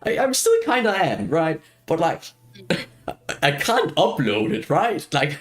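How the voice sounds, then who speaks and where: A man's voice: on the high side, wildly swooping pitch, drawn-out words. A man streaming a video game, chatting casually as he plays, rambling and self-mocking and laughing often. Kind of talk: casual gameplay chat.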